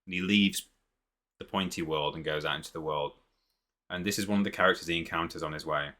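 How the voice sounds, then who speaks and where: A man's voice: low voice, fairly even intonation, quick pace, bright, forceful tone. A man hosting a live stream, chatting casually and rambling with amusement about clips he plays. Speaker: streamer host.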